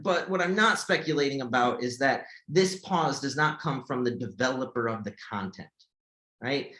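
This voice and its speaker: A man walking through a screen-share tutorial as an accessibility tester, halting and often repeating words as he explains. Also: mid-range voice, fairly bright tone. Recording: echoey room.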